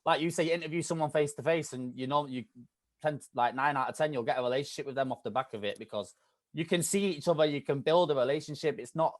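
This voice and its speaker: A radio DJ guest with a Mancunian accent tinged with Scouse and London tells stories in a casual podcast chat. His voice is fairly high and quick, and he's an animated, chatty storyteller.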